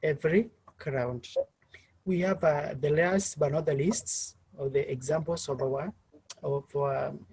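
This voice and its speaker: A man's voice: a little high, steady tone, unhurried, darkish tone, a little hiss or hum, poor audio. A man teaching an online class, calling on students by name and asking them questions. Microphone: video call.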